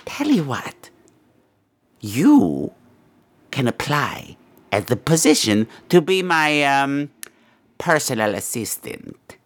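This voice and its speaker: A man hosting a comedy advice show as a crude, theatrical gargoyle, with wild pitch swings. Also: wildly swooping pitch, takes it slowly, pauses often. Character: crude self-made gargoyle advice host. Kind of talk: comedy podcast advice segment.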